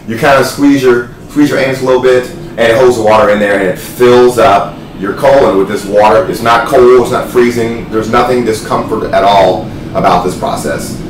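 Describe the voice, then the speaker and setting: Man, casual vlog monologue, animated storytelling, middle pitch, echoey, distant mic. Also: normal speed, a little hiss or hum. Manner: animated, chatty storytelling with jokes. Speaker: wellness vlogger.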